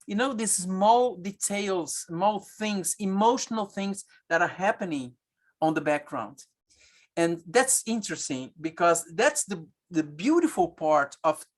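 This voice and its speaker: A man, an obstetrician telling stories in a webinar conversation, halting and searching for English words with many restarts. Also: high-pitched.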